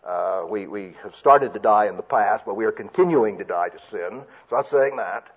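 A man works through a sermon, explaining each point carefully and often restarting his sentences. His voice is husky, and the recording sounds dull and lo-fi. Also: lowish voice, normal speed. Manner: careful teaching with frequent restarts. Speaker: preacher. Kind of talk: expository sermon.

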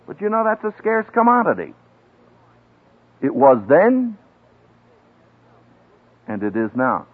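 A man preaching a sermon to graduates as their professor, with emphatic pauses and sweeping rises and falls in pitch. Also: huge pitch swings. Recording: tinny, phone-like old radio recording.

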